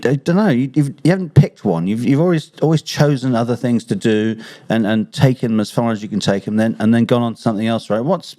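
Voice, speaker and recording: A man's voice: on the low side, warm tone. A male podcast host in casual conversation. His questions ramble and restart before they land. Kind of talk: casual interview chat.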